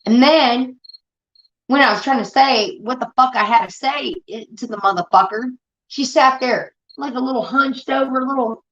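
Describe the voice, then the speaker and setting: A woman's voice: high voice, moderate pace, fairly bright tone. A woman from Indiana hosting a livestream, ranting heatedly and swearing a lot in casual talk. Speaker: livestream host. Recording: dull lo-fi stream audio.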